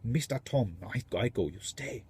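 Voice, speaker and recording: A man doing a rough impression of a friendly male builder's accent, soft and clipped. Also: mid-range voice, expressive, moderate pace. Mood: insistent.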